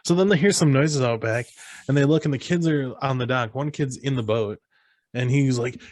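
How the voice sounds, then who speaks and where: A man's voice: medium pitch, a little fast, a little mellow, no room sound. A man co-hosting a podcast, casually retelling a film scene by scene and acting out lines in raised voices. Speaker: podcast co-host. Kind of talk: casual movie recap chat.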